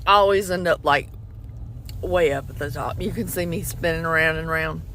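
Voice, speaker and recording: A woman's voice: low-pitched, steady tone, normal speed, a bit bright, a little hiss or hum. A woman, chatting casually and rambling with filler words as she vlogs her day. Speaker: vlogger. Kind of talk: casual vlog chat. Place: parked car in a parking deck; at home in a recliner.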